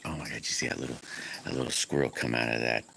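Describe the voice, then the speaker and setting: A man's voice: extremely low pitch, fairly even intonation, fast, vocal fry, pushed and bright, a little hiss or hum. A man hosting a casual live stream, chatting with viewers about his workshop in a rambling, self-correcting way. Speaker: livestream host and slingshot maker. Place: home on a wooded property.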